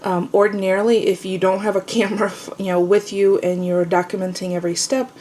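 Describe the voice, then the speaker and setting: A woman's voice: mid-range voice, a little mellow, a little hiss or hum. A woman casually talking through a home baking demonstration, chatty and self-teasing, tasting as she goes. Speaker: home cooking vlogger. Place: home kitchen.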